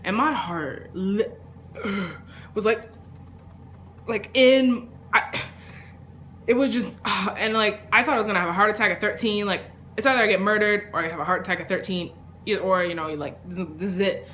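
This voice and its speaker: A young woman telling a personal story in a casual vlog, rambling with lots of fillers and trailing off into quiet asides. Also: medium pitch, moderate pace, a little hiss or hum. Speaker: vlogger.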